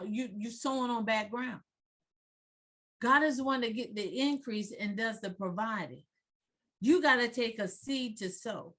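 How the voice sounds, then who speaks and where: Middle-aged lady pastor preaching her story, fervent, quotes scripture, gets loud. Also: on the high side. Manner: fervent, scripture-quoting, builds to shouting. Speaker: pastor and investor.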